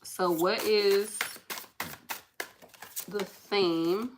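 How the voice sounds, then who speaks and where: A woman's voice: medium pitch, steady tone, extremely slow, noisy background. A woman hosting a casual pick-a-card tarot reading, talking in a chatty, effusive, slangy way to her viewers.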